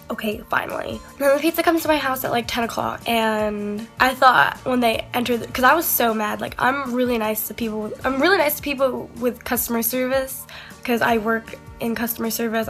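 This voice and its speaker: A woman's voice: a little high, fairly bright tone. Chatty young woman telling a story. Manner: chatty, swears, acts out both sides of calls. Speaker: vlogger. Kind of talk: casual storytime vlog.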